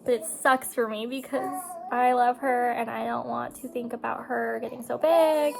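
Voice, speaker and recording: A woman's voice: fairly high pitch, fairly even intonation, normal speed, gravelly, poor audio. A woman in her thirties chatting casually to her viewers while doing her makeup, talkative and emotional, tearing up at times. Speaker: beauty vlogger and mother.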